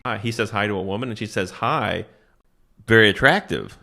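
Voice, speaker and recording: A middle-aged male comedian with a bright, forceful voice and an animated delivery. He recaps a movie and keeps breaking into laughter at his own jokes. He slips into funny voices for the characters he describes. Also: on the low side, brisk, creaky. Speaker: comedian podcast host.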